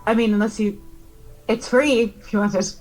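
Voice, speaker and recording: A woman's voice: on the high side, steady tone, moderate pace, darkish tone, faint music behind, low-quality recording. A woman playing a tabletop role-playing game, speaking in character in a blunt, matter-of-fact way.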